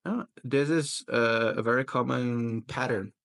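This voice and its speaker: Here a man who teaches English and hosts a podcast gives pronunciation tips in a relaxed conversation. His voice is gravelly, mid-range, and fairly bright, and Portuguese is his native tongue. He is patient and models each word by repeating it slowly.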